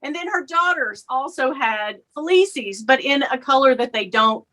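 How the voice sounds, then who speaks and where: A woman from the United States chats as co-host over a video call, spinning animated stories and slipping into the voices of the people she quotes. Her voice sits high and rings bright and sharp. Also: normal speed. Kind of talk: casual chat.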